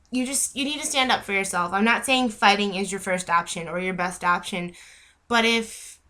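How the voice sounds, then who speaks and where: A young woman vlogs an unscripted rant straight to camera, her voice bright and sitting a little high. She talks in heated, rambling bursts, cuts herself off mid-thought and keeps apologizing for going in circles. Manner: heated, rambling, self-interrupting, apologizes for repeating. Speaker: vlogger.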